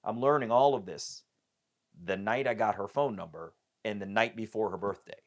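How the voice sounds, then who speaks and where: Animated storytelling man, low voice. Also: moderate pace. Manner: animated, acts out the voices of people in his story. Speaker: podcast guest. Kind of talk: personal storytelling.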